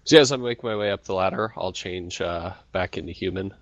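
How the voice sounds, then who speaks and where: A man taking part in a tabletop role-playing game, relaxed and a bit hesitant, with frequent fillers. His voice is low-pitched. The sound is dry and close. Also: brisk, no room sound, highs cut off. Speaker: player. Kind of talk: casual tabletop role-play.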